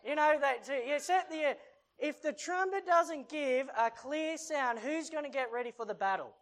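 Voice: high-pitched, moderate pace, a bit bright. Chatty playful preacher. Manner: chatty and playful, joking with the audience. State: short of breath. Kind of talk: casual sermon with a Bible reading.

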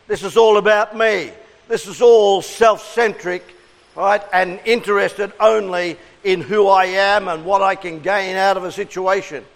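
Australian male pastor, high voice, unhurried delivery, earnest sermon with congregation call-and-response. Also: creaky, a bit bright, in a large hall, rough recording. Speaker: preacher.

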